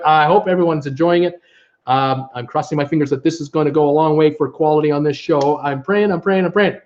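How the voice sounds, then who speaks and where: Man, from Ontario, casual live chat host, slightly high voice, dull lo-fi webcam sound. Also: a little mellow. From Ontario, Canada. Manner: chatty, upbeat, many fillers. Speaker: livestream host reading viewer chat. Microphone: webcam setup at home.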